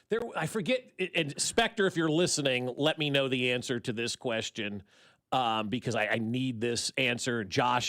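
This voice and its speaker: Male sports talk host, rambling and giggly, expressive pitch. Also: dry recording. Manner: rambling, stumbling restarts, laughs often. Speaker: radio host. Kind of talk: casual sports radio banter. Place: radio studio. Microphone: studio microphone.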